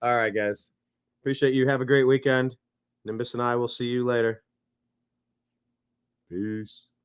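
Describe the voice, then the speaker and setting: A man's voice: mid-range voice, measured pace, clear, resonant tone. Guy hosting his own show, chill rambling chat, middle voice. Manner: relaxed, rambling, thinking aloud. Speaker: show host. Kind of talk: casual live-stream chat.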